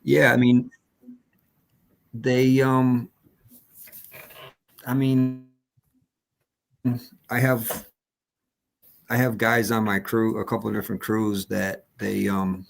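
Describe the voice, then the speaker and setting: A male host in a casual live-show chat who talks hesitantly, with many pauses and ums. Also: medium pitch, level tone, vocal fry.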